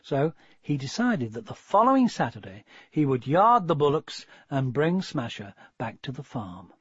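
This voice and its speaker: A man narrating a children's story in an expressive, measured way, on a dull, dry lo-fi recording. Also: mid-range voice, breathy edge, no echo.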